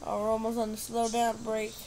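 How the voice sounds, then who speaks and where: A woman casually commentating her gameplay, excitably squealing, cheering and talking back at her opponents. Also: fairly high pitch, a little fast, a little hiss or hum. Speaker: gamer commentating her play.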